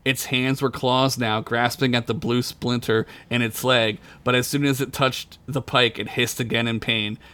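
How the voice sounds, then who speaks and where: A man's voice: medium pitch, fairly even intonation, normal speed, hardly any pauses, sharp tone, smooth. A man narrating a tabletop story as game master in a crude comedic style, breaking into laughter at his own jokes.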